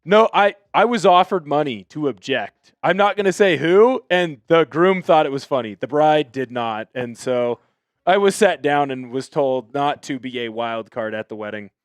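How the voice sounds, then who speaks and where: A man's voice: fairly high pitch, animated, normal speed, smooth, no echo, clean studio sound. A man hosting a live sports stream, greeting chat viewers in an upbeat, chatty way. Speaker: host.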